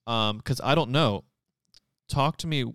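Man, casual interviewer, encouraging, smooth clear voice, dry sound. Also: mid-range voice, unhurried, fairly bright tone, no room sound. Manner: encouraging, asks questions with restarts.

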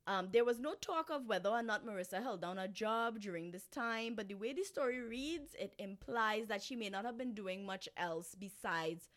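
A woman co-hosting a casual true-crime chat, animated and profane, with laughing asides. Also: medium pitch, normal speed, few pauses. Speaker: podcast co-host telling a case.

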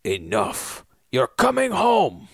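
A woman's voice: on the low side, huge pitch swings, gravelly, slightly rough, no room sound, exaggerated voice. A woman growling as a stern demon father. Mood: commanding. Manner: scolding, drawn-out delivery. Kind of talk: podcast read-along of a scene.

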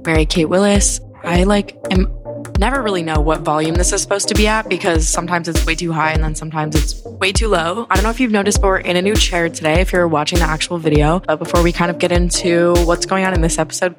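A woman's voice: lowish voice, fairly even intonation, quick pace, over music. A young woman hosting a casual podcast, rambling and distracted, swearing often, irritable and with a sore throat. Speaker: podcast host. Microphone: handheld microphone.

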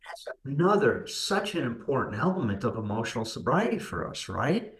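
A man's voice: mid-range voice, very animated, moderate pace. A man in a podcast discussion, explaining ideas thoughtfully and often checking in with "right?". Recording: roomy echoing room.

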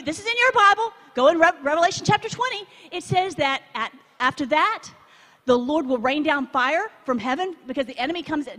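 A woman from Texas, preaching to a live audience in a chatty, animated way and asking the crowd to join in. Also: sits high. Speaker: conference speaker. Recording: long hall reverb.

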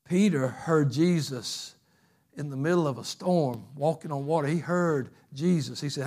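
A man preaching a fervent sermon, telling stories and swinging from loud bursts to hushed passages. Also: on the high side, moderate pace.

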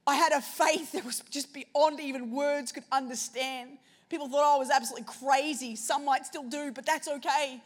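A woman preacher telling a personal story in a sermon, shifting between hushed and loud moments. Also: high voice, steady tone, normal speed.

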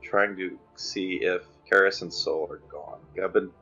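A man's voice: deep voice, a little slow, bright, forceful tone, slightly rough, dull audio, faint music behind. A man talking as a player at a tabletop game in casual, joking chat. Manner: joking, laughing, swears often.

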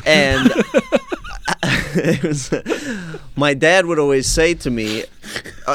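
A man's voice: fairly high pitch, wildly swooping pitch, very slow, pauses often, a bit bright. A man from Minnesota hosting a podcast in casual, self-deprecating chat. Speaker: podcast host.

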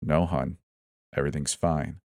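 A menacing young boyfriend in a horror storybook reading, played by a man who drops his voice, speaking slowly and coldly, never giving ground. His voice is low and the sound is dry. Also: steady tone, gravelly, a little mellow, no echo, heavily acted. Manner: slow, cold, unrelenting.

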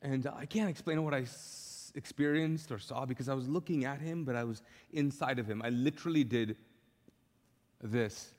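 A middle-aged male pastor telling a personal story in a sermon, lively and acting out the dialogue. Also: medium pitch, normal speed. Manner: animated, acts out quoted dialogue. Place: church auditorium, live. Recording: long reverb of a large church hall.

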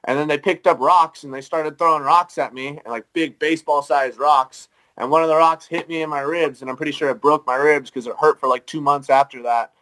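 A man's voice: a little high, steady tone, fairly quick, few pauses, fairly bright tone, rough recording. A young man co-hosting a podcast, telling a story animatedly and filling his speech with "like" and "dude". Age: young adult. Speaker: podcast co-host. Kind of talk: casual storytelling.

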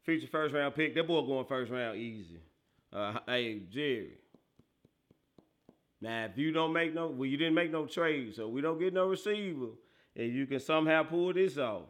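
A man hosting a casual livestream, reacting excitedly to football highlights, laughing often and talking straight to his chat. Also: moderate pace. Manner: excitable, laughs often, bursts into loud outbursts, talks to chat; slangy, animated football banter. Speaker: livestream host.

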